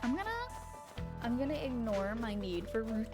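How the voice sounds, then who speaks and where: A woman with a fairly high voice streams a farming game live at normal speed, game music playing behind her. She chats playfully, giggles, and talks to herself while she plays.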